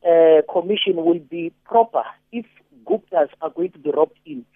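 A man phones in to share his opinion, his voice pitched high and a little husky. He stumbles and repeats words as he goes, and the tinny phone line strips away the fullness of his sound. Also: no room sound. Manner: halting, many repeated words. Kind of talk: phone-in commentary.

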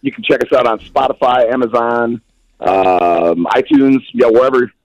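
A man, a musician calling in to a radio show, talking in a relaxed, rambling way with lots of fillers. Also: mid-range voice, normal speed, no room sound, lo-fi sound. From Western North Carolina. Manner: laid-back, rambling with many uh fillers. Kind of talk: casual phone interview.

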